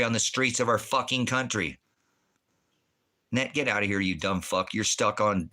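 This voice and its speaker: Speaking at normal speed in a lowish, sharp voice, a livestream host from Oregon reads his chat aloud. His talk is profane ranting, full of angry swearing at the people watching.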